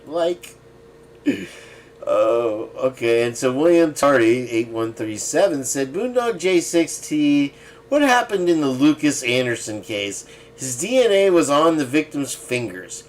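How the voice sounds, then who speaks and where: A man hosts a casual live stream, reading viewer comments aloud at a mid pitch. He breaks in with sarcastic asides and chuckles often between the quotes. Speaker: livestream host.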